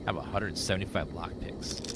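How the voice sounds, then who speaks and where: A man's voice: deep voice, fairly even intonation, moderate pace, heavy background noise. A man casually commentating a game as a streamer, rambling and chatting with his viewers. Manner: rambling, chatty, talks to chat. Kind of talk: casual let's play commentary. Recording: game sound loud underneath.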